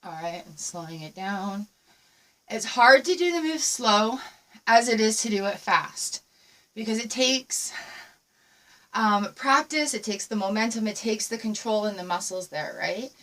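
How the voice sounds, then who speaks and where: A woman's voice: medium pitch, a little slow, pushed and bright, recorded from a distance. A woman teaching a dance lesson from home, upbeat and encouraging, counting out the moves as she goes and a little out of breath. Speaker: dance instructor. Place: room at home with a squeaky floor.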